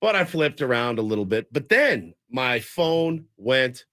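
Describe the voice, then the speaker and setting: A man's voice: medium pitch, big pitch swings, unhurried, a bit bright, dry recording. A man hosting a casual sports radio show in a studio, telling long rambling stories. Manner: rambling storyteller, imitates people he quotes. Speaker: radio host. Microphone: studio microphone.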